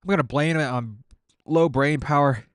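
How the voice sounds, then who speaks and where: Guy gaming and suffering thru hot wings, kinda high voice, groaning, sweaty and teary, dry close mic. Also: moderate pace, clean tone, no room sound. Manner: groaning and exasperated, talks through suffering. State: sweating and teary from spicy food. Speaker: gaming content creator. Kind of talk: casual gameplay commentary.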